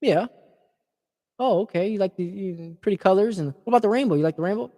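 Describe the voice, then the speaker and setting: A man playing an adult who gently coaxes a child with leading questions. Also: high-pitched, quick pace, long reverb tail. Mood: coaxing. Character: coaxing adult man sweet-talking a child.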